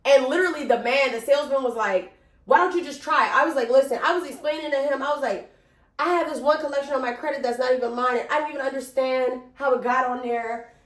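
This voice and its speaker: A chatty young woman tells a long personal story to her viewers, animated and quick to swear. Her voice sits a little high. The room around her has a noticeable echo. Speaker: vlogger. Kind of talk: casual storytime vlog.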